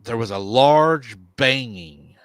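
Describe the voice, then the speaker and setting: A man's voice: mid-range voice, slow pace, no echo. Guy on a live stream telling a viewer's story, laughs a lot, dry sound. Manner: animated storytelling, chuckling often. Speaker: paranormal show host.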